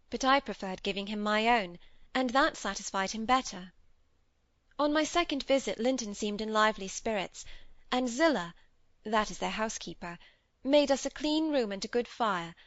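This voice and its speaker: A woman's voice: on the high side, a bit bright, dry recording, lightly acted. An earnest, headstrong young girl, as a woman reader puts her on, pours out a nervous confession in a slightly raised voice. Her pleading, confiding tone carries the scene of a classic storybook. The recording is dry and a little dull, like a lo-fi studio read. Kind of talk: audiobook character reading.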